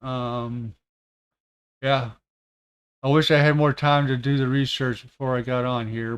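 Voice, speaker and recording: Casual tech streamer, male, thirties, unhurried and rambling, clean voice. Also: mid-range voice, little pitch movement, clean tone. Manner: halting, many fillers and restarts. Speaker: tech content creator. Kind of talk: casual livestream chat.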